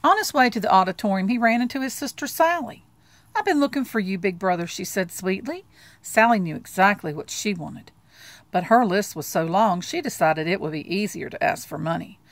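Storybook reader: a woman in a mid-range voice, lively and expressive as she narrates. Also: medium pitch, fairly quick, no room sound. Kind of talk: reading a children's book aloud.

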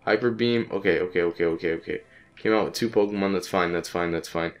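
A man with a sick voice giving casual let's-play commentary, frustrated and swearing, repeating phrases in quick bursts. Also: low voice, lo-fi sound. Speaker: gaming channel host.

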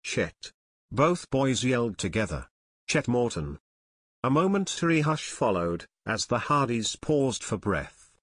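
A man narrating an unabridged adventure audiobook in a steady, measured reading voice. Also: medium pitch, dry recording, clean studio sound. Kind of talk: scripted narration.

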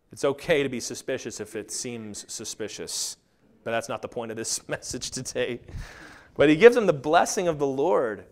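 A man preaching a sermon as pastor, animated and acting out quotes along the way. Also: mid-range voice, moderate pace. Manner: animated, acts out quotes and asides.

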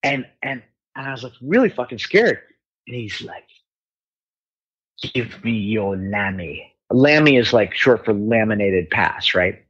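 A man guesting on a podcast, telling a story in casual chat, animated and swearing freely as he acts out other people's voices. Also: medium pitch, normal speed, husky, muffled recording. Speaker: guest musician.

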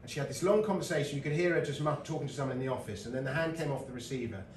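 A man's voice: mid-range voice, rapid-fire, slight background noise. A middle-aged British man giving a comic lecture, telling stories with asides and laughs. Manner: chatty storytelling with laughs and asides. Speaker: lecturer and comedian. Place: lecture hall with live audience. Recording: roomy hall mic from a distance.

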